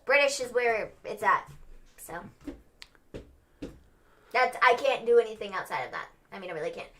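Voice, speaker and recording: A woman's voice: on the high side, animated, moderate pace, fairly bright tone, slight background noise. A young woman co-hosting a livestream in casual, playful, joking chat. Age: young adult. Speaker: co-host of wrestling livestream.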